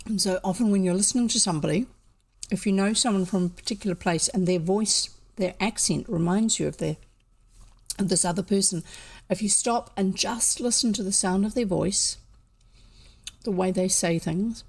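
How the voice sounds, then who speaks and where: A woman with a New Zealand accent chats casually between chapters of a storybook reading. Her voice is gravelly and husky, and she talks in a loose, rambling way while snacking on cheese and coffee. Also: mid-range voice, normal speed, a little mellow. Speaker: storybook reader.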